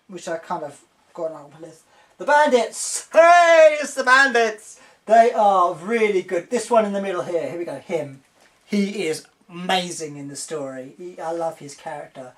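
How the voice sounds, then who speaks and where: A young man giving a casual video review, excitable and rambling, often mimicking the characters. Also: high-pitched, a little slow.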